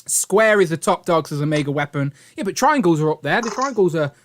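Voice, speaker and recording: Rich: A British man with a noticeably high speaking voice hosts a casual live stream from home. He keeps the chat light and upbeat, often breaking into laughter between lines. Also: lively intonation, brisk, slight background noise.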